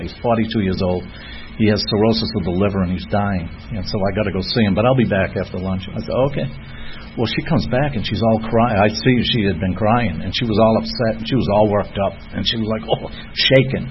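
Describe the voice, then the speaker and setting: Rambling man telling a recovery story. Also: on the low side. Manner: rambling and self-deprecating, with frequent chuckles and fillers. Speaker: recovering alcoholic sharing his story. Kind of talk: recovery meeting talk. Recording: dull lo-fi recording with faint noise.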